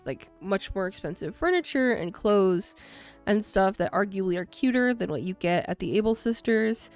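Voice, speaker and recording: A woman streaming a video game, chatting casually and excitedly about what she sees, with frequent laughs. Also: medium pitch. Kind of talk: casual gameplay commentary.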